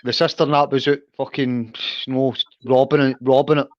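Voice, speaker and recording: A man's voice: mid-range voice, flat delivery, brisk, no room sound, highs cut off. A man in his thirties chatting casually on a livestream, swearing and calling everyone mate. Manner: swearing, says "mate" constantly. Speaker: livestream co-host.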